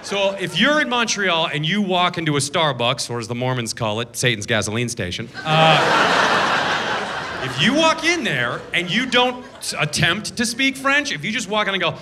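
A man's voice: fairly high pitch, sing-song, moderate pace, pushed and bright. A man performing a sarcastic stand-up set on a theater stage, slipping into mocking voices for his bits. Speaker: stand-up comedian. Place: theater stage with a laughing audience.

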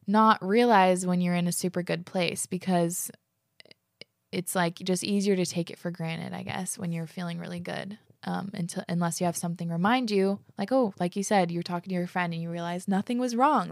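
Here a podcast host with a fairly low, creaky voice reads out listener letters and chats in a casual, gushing way, sprinkling in "like" again and again. It's a studio-quality recording without any echo.

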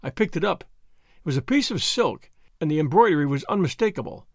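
A man narrating a story in a measured, expressive way. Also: a little high, dry recording, studio quality. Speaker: audiobook narrator. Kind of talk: scripted narration.

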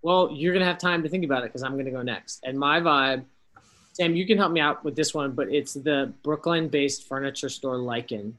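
A man's voice: mid-range voice, brisk, fairly bright tone. Rambling man on a video call. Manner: rambling, with many fillers and restarts. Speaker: podcast co-host. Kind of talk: casual chat.

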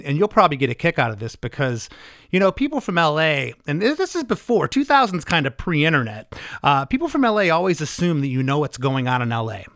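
A man's voice: a little high, fairly bright tone, no echo, clean studio sound. A man hosting a podcast interview, talking with eager, enthusiastic fan energy. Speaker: podcast host.

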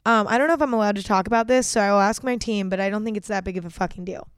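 Candid swearing young woman, smooth dry voice. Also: medium pitch, very fast, no room sound. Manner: candid, swears freely, fills with "like". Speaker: podcast host giving advice. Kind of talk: casual storytelling monologue.

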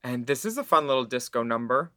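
A man co-hosting a podcast in casual chat, with quick, witty, campy quips. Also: medium pitch, animated, bright, forceful tone, no room sound, clean studio sound. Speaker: podcast co-host.

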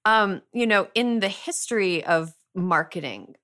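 A woman's voice: medium pitch, lively intonation, measured pace, bright, forceful tone. A woman hosting a podcast, talking casually with lots of fillers and a playful tone. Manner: chatty, filler-heavy, playful. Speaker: podcast host. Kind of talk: casual chat.

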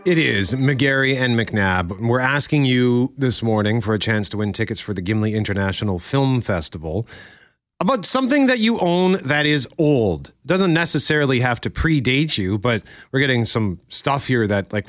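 Male morning radio co-host, animated pitch, dry studio sound, chatty letter-reader. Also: moderate pace, no room sound. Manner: chatty, reads listener letters aloud with asides. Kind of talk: casual radio chat. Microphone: studio microphone.

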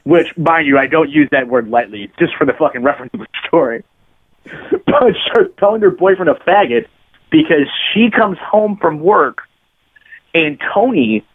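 A man's voice: fairly high pitch, animated, moderate pace, breathy edge. A man, a podcast guest, telling a rambling, profane anecdote in casual chat and laughing as he goes. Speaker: podcast guest, bass player. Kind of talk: casual storytelling. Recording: phone-like lo-fi sound.

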